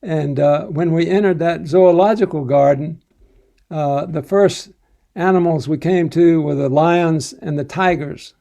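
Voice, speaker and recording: Older man, mellow gentle storyteller. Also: on the high side, vocal fry. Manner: gentle, unhurried storytelling with soft chuckles. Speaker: spiritual teacher. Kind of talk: recounting personal devotional stories.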